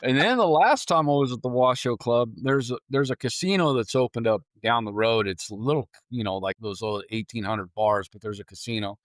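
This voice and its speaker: A man's voice: mid-range voice, a little fast, few pauses, no echo, clean studio sound. A man telling ghost-hunting stories casually as a podcast guest, acting out his own reactions as he goes. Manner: animated storyteller, acts out his own reactions. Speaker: paranormal investigator guest.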